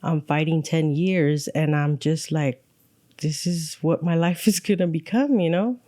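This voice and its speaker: A woman's voice: low-pitched, a little slow, dark tone, no echo, studio quality. A woman in her forties, from El Monte, California, telling her own story as a podcast guest, frank and wry. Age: 40s. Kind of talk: candid personal story.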